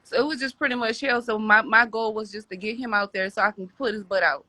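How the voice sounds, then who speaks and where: A woman's voice: on the high side, fairly even intonation, quick pace, pushed and bright, no echo. A woman telling a personal story as a podcast guest, rambling with many restarts and repeated words.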